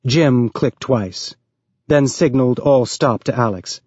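Male audiobook narrator, dry dull recording, mid pitch. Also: slow pace, darkish tone, no echo. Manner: voices characters with raised pitch.

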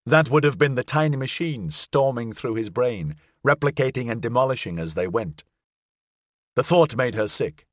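A male audiobook narrator with a measured storytelling delivery and a lively, expressive pitch. The reading is close to the mic and dry, with no room sound. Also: no room sound.

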